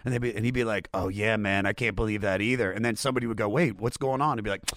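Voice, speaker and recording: A man from Maryland hosting a podcast, relaxed and chatty as he tells stories. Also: fairly low pitch, rapid-fire, no echo, clean studio sound. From Maryland, USA. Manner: relaxed, chatty, laughs along. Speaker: podcast host. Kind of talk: casual podcast chat.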